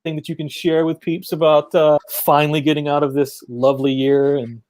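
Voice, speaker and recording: A man's voice: on the high side, level tone, normal speed, darkish tone. A man hosting a live-streamed show in a laid-back, casual way, full of fillers. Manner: laid-back, filler-heavy, says "dude" and "bro". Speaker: show host.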